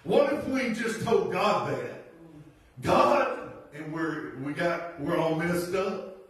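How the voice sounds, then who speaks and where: A man preaching in a folksy, unhurried way, his fairly high voice full of rhetorical questions and chuckling asides. He sounds far from the microphone, and the church around him rings with heavy echo. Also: expressive, fairly bright tone. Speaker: pastor. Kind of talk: sermon. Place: church sanctuary.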